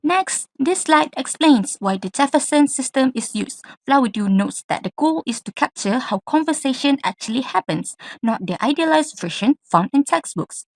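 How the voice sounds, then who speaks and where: A woman's voice: high voice, expressive, moderate pace, few pauses, a little mellow, dry recording. A young woman from Malaysia, a university student, giving a class presentation and reading from slides. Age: young adult. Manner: reads from slides with acted example lines.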